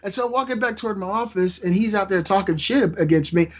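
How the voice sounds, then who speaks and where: A man's voice: high voice, a little fast. A man telling a long work story in casual live-stream chat, rambling and often laughing through it, on a dull lo-fi mic.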